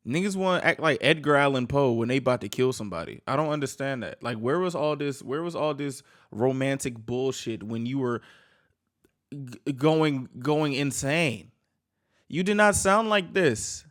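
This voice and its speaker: A man's voice: medium pitch, animated, moderate pace, a bit bright. A man hosting a reaction video, reacting in exasperated, profane, slangy outbursts. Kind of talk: casual reaction commentary.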